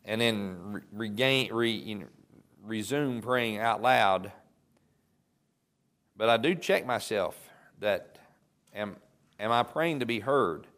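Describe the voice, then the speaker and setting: A man's voice: mid-range voice, fairly bright tone. A man, a pastor, preaching a sermon in a conversational way, stopping and restarting as he goes and reading scripture aloud.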